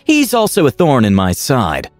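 A man's voice: medium pitch, huge pitch swings, moderate pace, no echo, faint music behind, pitched above the performer's own voice. A man voicing a flamboyant, flirtatious rich male merchant in a theatrical, playful manner.

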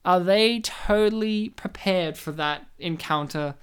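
A woman chatting casually during a movie commentary, animated and rambling, full of fillers and silly impressions. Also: on the low side, a little slow, clear, resonant tone. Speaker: co-host.

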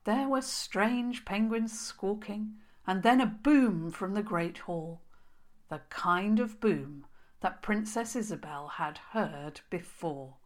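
A woman narrating a children's story, slow and expressive. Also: mid-range voice.

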